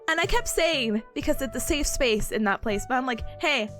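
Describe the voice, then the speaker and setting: Young woman streamer, high lively voice, chatty storyteller, faint music underneath. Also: fairly quick. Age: young adult. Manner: animated, laughing often, acting out her own past lines. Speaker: study stream host. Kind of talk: casual storytelling to stream viewers.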